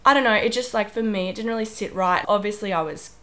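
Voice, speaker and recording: A woman's voice: medium pitch, fast talker, pushed and bright. A young woman co-hosting a podcast, chatting casually and telling stories with giggles while sick with a wheezy voice. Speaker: podcast co-host. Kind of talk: casual chat.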